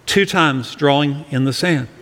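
A man's voice: a little high, a little slow, fairly bright tone, in a large hall. A middle-aged male pastor giving an earnest sermon to his congregation, leading them in reading a verse aloud. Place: church sanctuary.

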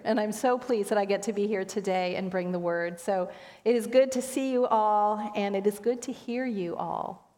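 A woman's voice: mid-range voice, a little mellow. A woman pastor giving a sermon to her congregation, preaching in a conversational way with playful asides. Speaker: associate pastor. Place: church sanctuary. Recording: long church reverb.

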